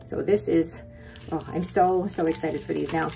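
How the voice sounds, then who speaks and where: A young adult woman talks through her purchases in an eager, rambling vlog voice, a little low in pitch. Faint music plays underneath her. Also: creaky. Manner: chatty and excited, rambling with quick asides. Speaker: vlogger. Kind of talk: casual haul vlog.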